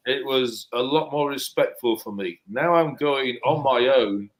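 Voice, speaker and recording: A man's voice: medium pitch, unhurried, poor audio. A man in his fifties, telling a story in casual chat and hamming it up for effect. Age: 50s. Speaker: panel guest.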